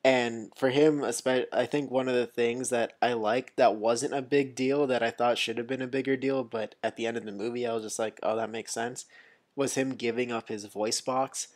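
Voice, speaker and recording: A man co-hosting a movie podcast, talking in a relaxed, rambling way with lots of fillers. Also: mid-range voice, moderate pace. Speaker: podcast co-host. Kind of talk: casual chat.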